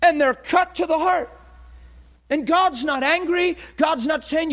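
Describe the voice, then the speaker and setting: A high-pitched man preaching with fervor, rising to loud cries and then dropping to quiet, earnest pleading. He acts out the gasps and voices of the crowd in his story, so the delivery keeps changing in height and force. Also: a little slow. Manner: swings from shouting fervor to hushed earnest appeals. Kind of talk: impassioned sermon.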